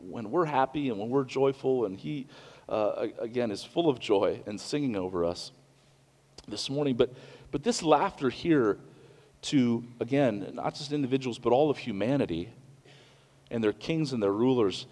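A middle-aged man giving a sermon in an earnest, conversational way, often pausing to restart a sentence or to add an aside. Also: mid-range voice, long reverb tail. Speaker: pastor.

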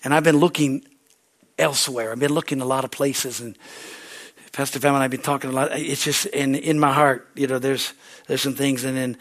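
A man's voice: medium pitch, fairly bright tone. A man pastor preaching a sermon, fervent and repetitive, with call-and-response asides.

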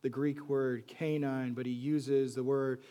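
A man preaching a sermon, moving between hushed, soft lines and loud, animated bursts, and acting out pleading voices. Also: mid-range voice, a little slow. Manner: acts out quoted voices with pleading repetition. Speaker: pastor.

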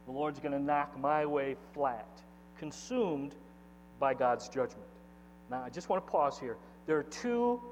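A man preaching a sermon, reading scripture aloud and pressing the lines home with sudden bursts of force. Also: a little high. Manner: expository preaching, reading scripture aloud with emphatic swings in loudness. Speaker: pastor. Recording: dull echoey hall with mains hum.

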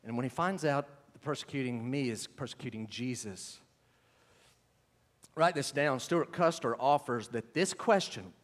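A male pastor preaching a sermon, moving between quiet asides and loud, emphatic stretches. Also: mid-range voice, unhurried, in a large hall.

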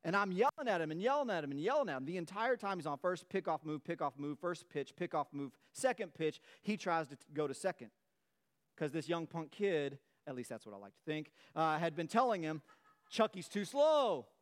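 A middle-aged man, preaching a sermon in a relaxed, conversational way and telling a playful story from his youth. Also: fairly high pitch, brisk. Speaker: pastor.

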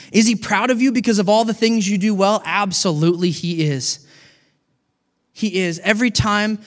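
A middle-aged man preaching a sermon as a pastor, animated and acting out little dialogues with God. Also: sits high, big-room sound.

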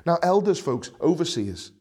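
A middle-aged man with a strong Liverpool accent delivers a sermon in a voice that sits a little high for a man. He is earnest and repeats key phrases to drive them home. His delivery swings between raised, emphatic lines and quiet, hushed ones. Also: very animated, normal speed. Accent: Liverpool (Scouse). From Liverpool, England. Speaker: pastor.

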